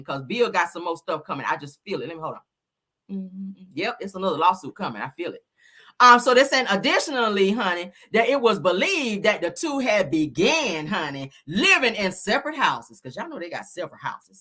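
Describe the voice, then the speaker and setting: At a moderate pace, a bright, lively woman dishes celebrity gossip in sassy, profane, casual chat. Her pitch swoops up and down, and she acts out the people she's talking about.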